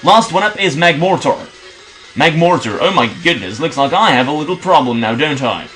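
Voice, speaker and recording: A man's voice: on the high side, lively intonation, normal speed, a bit bright. A young man from Belgium giving casual, swearing commentary as he plays a video game. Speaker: video game let's play host. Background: faint game music.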